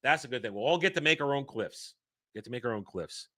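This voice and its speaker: A man hosting a live stream, commenting on a game trailer in an animated way and jokingly swearing at his chat. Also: medium pitch, fast. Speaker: streamer host.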